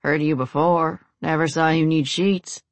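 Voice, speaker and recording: A woman's voice: sits low, fairly even intonation, measured pace, no echo. A woman voicing a crude, slightly drunk male cowboy gunman with a boorish, lightly slurred drawl. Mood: leering.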